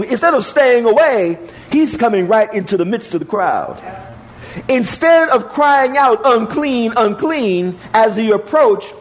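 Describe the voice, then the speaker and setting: A pastor delivering a sermon in a high, very animated voice. He preaches with strong emphasis and repeats phrases for effect, swinging from loud calls to quiet, low lines. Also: rough recording.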